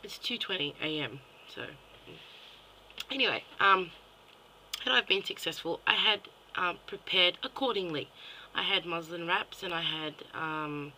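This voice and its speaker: A young Australian woman, a mum and vlogger, rants bluntly and profanely into her webcam at home late at night in a monologue. Her voice is fairly low yet bright and forceful, on a rough recording with a little hiss or hum.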